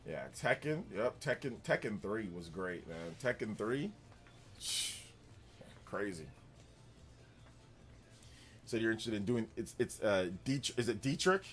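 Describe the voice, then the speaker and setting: A man with a fairly low voice hosts a gaming live stream in a loose, rambling way, reacting to viewers as he goes. Faint music plays quietly behind him. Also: unhurried, pauses often. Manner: relaxed, rambling, answers chat and laughs often. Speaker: gaming livestream host. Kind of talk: casual live-stream chat.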